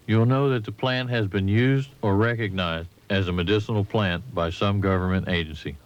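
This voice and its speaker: A man giving measured, instructive scripted narration for an instructional film, recorded as a voice-over. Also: lowish voice. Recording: dull lo-fi 1980s training film audio.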